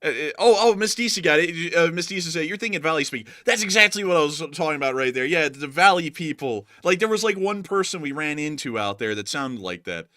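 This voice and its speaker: A man hosting a war news stream, chatting with his co-host in an animated, joking way, full of "like" and "man". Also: on the high side, fairly quick, hardly any pauses, dry recording, clean studio sound. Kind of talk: casual joking chat with co-host.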